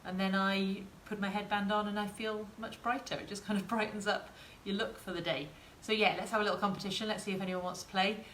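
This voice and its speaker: A woman demonstrates sewing live, chatting and encouraging viewers, in a steady, mid-range, slightly bright voice at a quick pace with few pauses. There's slight background noise, roomy echo, and faint ambience.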